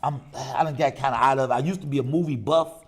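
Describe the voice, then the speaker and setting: A man's voice: medium pitch, fairly even intonation, quick pace. A man hosting a casual talk show, speaking emphatically in everyday vernacular. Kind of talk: casual chat.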